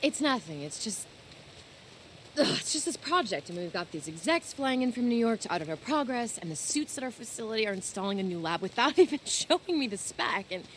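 A woman's voice: on the high side, sing-song, brisk, a bit bright, a little hiss or hum. An actress playing a young woman scientist in a video game, wry and teasing, with a dry, easily amused manner. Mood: weary. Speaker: game character. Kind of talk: video game dialogue acting.

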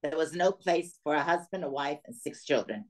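A woman's voice: sits low, normal speed. Older woman telling her life story. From Soviet Union. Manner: lively storyteller who acts out quoted dialogue. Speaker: guest speaker. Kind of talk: storytelling talk to a women's audience.

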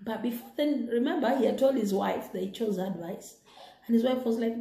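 A woman retelling a moral story and preaching, animated and excitable. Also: a little high, brisk, creaky. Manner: animated, excitable, laughing asides. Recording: echoey room.

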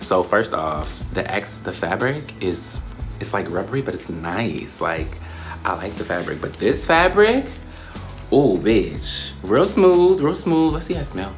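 A young man in a casual vlog, talking in a playful, slangy way and often breaking into high squeals. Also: very animated, measured pace, soft background music. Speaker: YouTuber.

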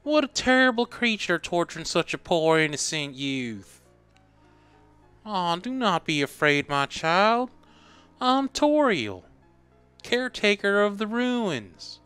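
Motherly old goat lady voiced by a man, southern drawl, high, gentle, smooth. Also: sing-song, takes it slowly, soft background music, heavily acted. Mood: tender, motherly. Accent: put-on Southern US. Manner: gentle, motherly, calls you sugar. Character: sweet motherly old goat-woman caretaker.

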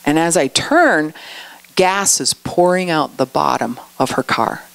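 A woman's voice: low voice, a little slow, vocal fry. A middle-aged woman giving a conversational sermon, telling stories and acting out quoted lines. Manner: storytelling, acts out quotes with animated voices. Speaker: speaker at a church outreach.

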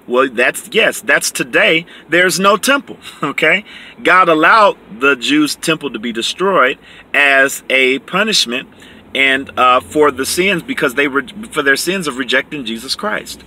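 A man teaching from the Bible, reading verses slowly and explaining them emphatically, often checking in with "okay?". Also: medium pitch, lively intonation, sharp tone. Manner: reads scripture slowly and deliberately.

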